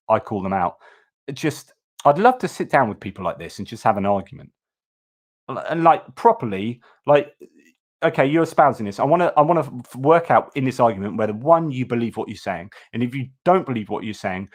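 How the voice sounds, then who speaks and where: A man hosting a news commentary livestream, reading headlines and reacting with animated, indignant asides and frequent restarts. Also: on the low side.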